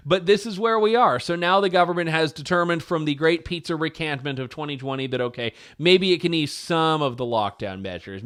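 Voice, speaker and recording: Male host, slightly higher voice, sarcastic opinion monologue. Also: a bit bright, smooth. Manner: sarcastic and incredulous, quick to mock. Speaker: talk show host. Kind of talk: opinionated political commentary.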